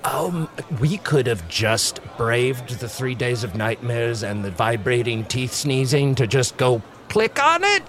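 A man doing improvised comedy banter in character, with a halting, deadpan delivery. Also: medium pitch, over music.

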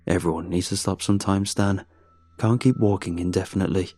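A woman's voice: extremely low pitch, steady tone, brisk, mellow, soft background music. A man voicing a curious young village woman in a first-person storybook reading, asking plain questions.

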